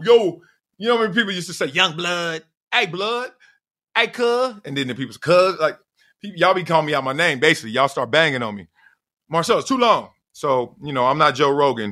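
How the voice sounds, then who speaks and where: A middle-aged man hosting a casual solo podcast, telling slangy, animated stories and laughing often. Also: a little high. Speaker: podcast host.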